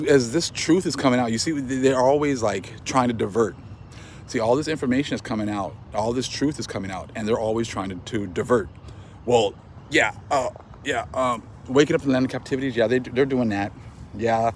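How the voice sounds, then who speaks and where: A man's voice: mid-range voice, a little hiss or hum. A man with a young son gives a casual, mocking commentary monologue, laughing often and calling listeners man and bruh. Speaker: online commentator.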